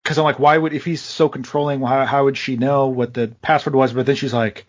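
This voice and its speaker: A man's voice: mid-range voice, little pitch movement, a little fast, hardly any pauses, highs cut off. A man co-hosting a podcast, critiquing a film in a hesitant, word-searching way. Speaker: podcast co-host. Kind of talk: casual movie review chat.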